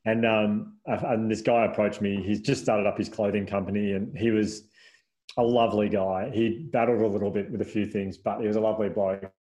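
This thirty-something man speaks in a fairly low voice at a brisk clip. As a guest on a podcast, he chats casually and tells animated anecdotes, frequently breaking into laughter, starting sentences over and dropping plenty of "like" fillers.

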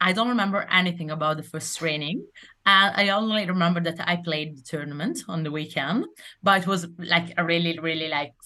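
A woman's voice: low-pitched, bright, forceful tone. A young Italian woman, a native Italian speaker, chatting in an interview and telling her story with laughs and acted-out quotes. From Italy. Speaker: rugby player guest. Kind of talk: casual interview chat.

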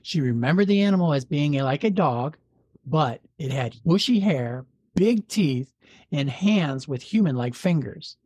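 A man with a slightly husky voice reads a local legend aloud, unhurried and measured, sometimes dropping a dry joke. The sound is close and dry, with no room around it. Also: on the high side, animated, a little mellow, no echo. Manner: measured storytelling, dry jokes. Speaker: podcast host. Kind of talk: reading a legend aloud with banter.

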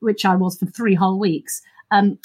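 A woman's voice: mid-range voice, fairly even intonation, normal speed, darkish tone, slightly rough, dry recording. A woman co-hosting a podcast in casual chat, playful, with jokey asides. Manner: playful, jokey asides and lots of laughing agreement. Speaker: podcast co-host.

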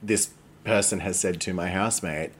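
A man's voice: deep voice, moderate pace, a little hiss or hum. A man co-hosting a podcast, chatting frankly and animatedly, swearing freely and laughing often. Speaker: podcast co-host. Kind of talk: casual, frank chat.

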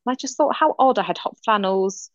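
A middle-aged woman, co-hosting a casual chat and telling stories with lively quoted voices. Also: medium pitch, a little fast, dry recording, dull audio. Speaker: podcast co-host.

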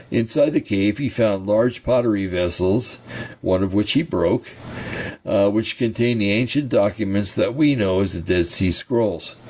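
A man teaching from ancient texts, reading passages slowly and breaking off for casual comments and throat-clearing. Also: on the low side, darkish tone, slight background noise. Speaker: bible teacher. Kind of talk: reading scripture and commentary, informal asides.

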